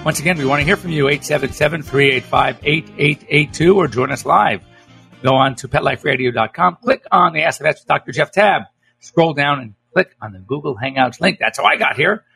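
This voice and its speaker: Gravelly middle-aged vet hosting radio. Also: male voice, on the high side, lively intonation, a little fast, pushed and bright, soft background music. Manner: rambling, chatty, self-correcting. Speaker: veterinarian radio host. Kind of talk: casual radio talk with phone-in.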